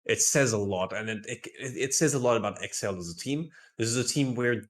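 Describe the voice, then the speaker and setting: A man co-casting esports, walking through stats in a measured, wry way. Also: mid-range voice. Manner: measured, stat-focused, wry. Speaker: esports analyst co-caster. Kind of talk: pre-match stats analysis.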